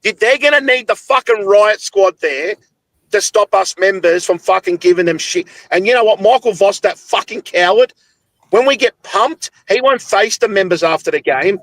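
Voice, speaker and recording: A young Australian man rants hard about his football club, swearing constantly and pushing his voice up high. His delivery is angry and relentless. The sound is dry and close, with no room around it. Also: moderate pace, a bit bright, dry recording, low-quality recording. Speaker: football podcast host. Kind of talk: heated post-game rant.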